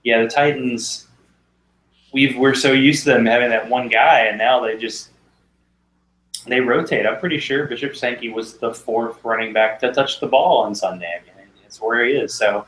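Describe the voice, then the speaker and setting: A man's voice: medium pitch, normal speed, fairly bright tone. A man hosting a casual fantasy football chat, talking in a rambling, wry way. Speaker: podcast host. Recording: roomy echo.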